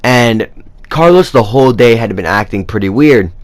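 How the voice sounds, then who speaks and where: A man's voice: mid-range voice, moderate pace. A young man telling a personal story in a casual, rambling way, with lots of fillers. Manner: rambling, animated retelling with many fillers. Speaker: vlogger.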